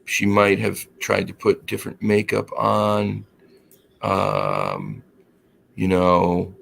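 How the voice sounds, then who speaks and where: Low gravelly man telling a story. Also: slow pace. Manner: animated, profane, acts out the quotes. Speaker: co-host. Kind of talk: casual chat storytelling.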